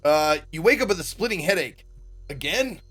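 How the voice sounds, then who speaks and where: A man's voice: animated, brisk, fairly bright tone, faint music behind. A man streaming himself as he reads a visual novel aloud, sarcastic and swearing freely. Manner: sarcastic, swears freely, acts out quoted lines with pitch jumps.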